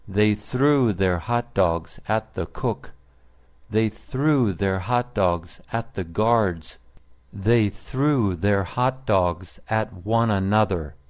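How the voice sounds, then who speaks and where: A man reading simple stories aloud for English learners, in deliberate, plain sentences. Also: low-pitched, a little mellow. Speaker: narrator. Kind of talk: slow scripted story narration for English learners.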